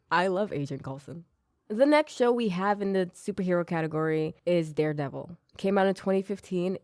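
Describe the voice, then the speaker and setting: A woman with a notably low voice talks casually on her solo podcast. She rambles a bit, restarts sentences and giggles between points. The recording is dry and close, with no room sound. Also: a little mellow, dry recording. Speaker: podcast host.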